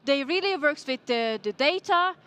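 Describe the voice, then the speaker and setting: A woman's voice: sits high, expressive, moderate pace, a bit bright. A woman giving a leadership talk at a conference, explaining ideas step by step and putting rhetorical questions to the audience in slightly non-native English. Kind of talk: conference presentation. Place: conference stage before an audience.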